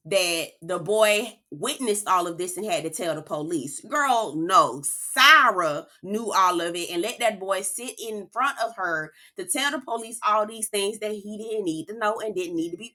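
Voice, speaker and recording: A woman's voice: mid-range voice, lively intonation, unhurried, bright, forceful tone. A woman hosting a reality TV recap in casual commentary, sassy and profane, laughing often and keeping up a stream of "girl" and "child".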